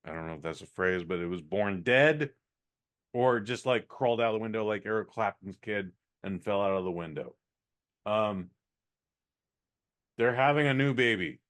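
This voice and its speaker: A man's voice: lowish voice, lively intonation, normal speed, pauses often, a bit bright. Profane, rambling male podcast host. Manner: profane, rambling, exasperated storytelling. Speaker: podcast co-host reviewing a movie. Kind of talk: casual comedic movie review.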